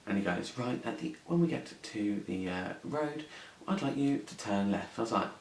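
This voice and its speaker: A man's voice: on the low side, lively intonation, normal speed, gravelly. A young man telling a story on his vlog, sweary, rambling and indignant. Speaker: vlogger. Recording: echoey room, mic at a distance, faint hiss.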